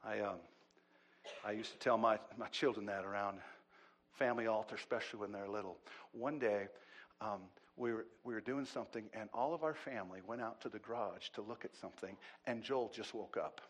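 A middle-aged man preaching a sermon as pastor, swinging from loud, animated bursts to quiet asides. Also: fairly low pitch, fairly quick.

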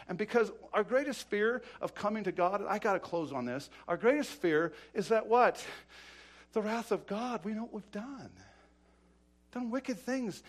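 A man preaching a sermon with passion, swinging from loud urging to quiet, soft-spoken storytelling. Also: high voice.

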